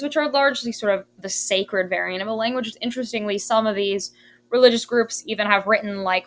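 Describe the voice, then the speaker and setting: A woman of middling pitch hosts a casual podcast conversation. She asks long, wandering questions and fills them with casual words as she thinks. Her tone stays curious and informal. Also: fairly bright tone. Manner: curious, rambling questions with frequent like. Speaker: podcast host.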